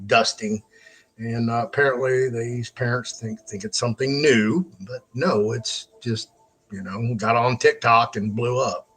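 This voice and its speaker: A man's voice: mid-range voice, a bit bright, slightly rough. A middle-aged man hosting his own show, telling a story in a casual monologue, laughing often and swearing freely. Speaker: show host.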